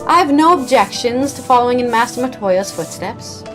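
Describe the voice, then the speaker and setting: A woman voicing a composed, scholarly young female mage as she reads game dialogue aloud, measured and formal. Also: fairly high pitch, animated, over music, close to an everyday voice. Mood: dry.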